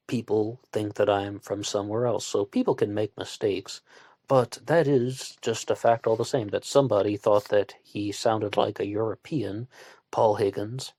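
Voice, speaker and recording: A man's voice: fairly low pitch, darkish tone, no echo, studio quality. A man from Virginia, hosting a true-crime podcast in a rambling, conversational way and asking his listeners questions. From West Virginia, USA. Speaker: podcast host. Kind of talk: casual true-crime narration.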